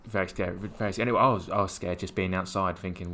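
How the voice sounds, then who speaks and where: A man's voice: low-pitched, very fast, fairly bright tone, slight background noise. A young man chatting on a podcast, rambling with lots of fillers. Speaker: podcast co-host. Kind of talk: casual chat.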